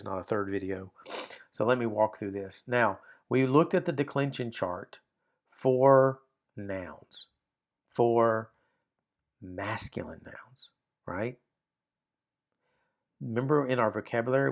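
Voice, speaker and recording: A man teaching a Bible Greek lesson, explaining step by step with frequent ums and reading aloud from a textbook. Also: lowish voice. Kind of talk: walking through a textbook lesson.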